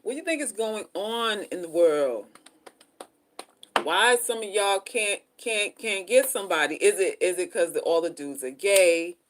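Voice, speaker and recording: A middle-aged woman chatting casually on a livestream from home, animated and slangy as she reads viewer comments aloud. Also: medium pitch, a little slow, a little hiss or hum. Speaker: livestream host.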